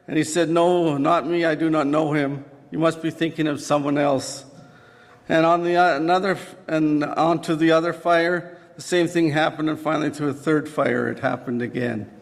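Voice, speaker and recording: A man preaching a sermon, telling a dramatic story in an earnest, vivid way. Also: fairly high pitch. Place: church sanctuary. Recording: long church reverb.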